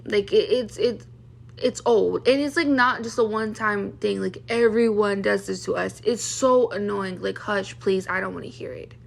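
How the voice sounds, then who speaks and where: A woman's voice: medium pitch, normal speed, gravelly. A young woman vlogger talking in a casual storytime rant, exasperated, full of "like", acting out what other people said to her.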